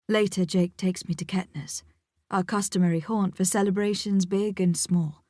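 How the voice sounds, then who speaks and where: A woman narrating a first-person audiobook in a measured, reflective way, with a close studio mic. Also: medium pitch, steady tone, dark tone, no echo.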